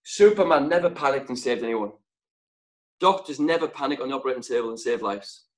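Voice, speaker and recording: A man's voice: medium pitch, lively intonation, rough recording. Emphatic man coaching sales. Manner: emphatic, punchy short phrases with deliberate pauses. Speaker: sales trainer. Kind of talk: motivational training talk.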